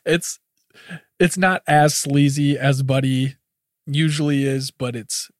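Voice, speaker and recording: A man's voice: mid-range voice, takes it slowly, no echo, studio quality. Easygoing man running podcast segments. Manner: relaxed, agreeable, runs the show's segments. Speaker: podcast co-host. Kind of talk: casual chat reviewing a TV episode.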